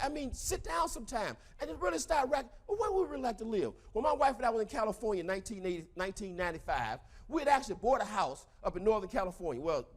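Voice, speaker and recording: Fast-talking high-pitched Southern man. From American South. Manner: animated, preachy, repeats key phrases. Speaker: motivational speaker. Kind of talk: seminar talk to a live audience.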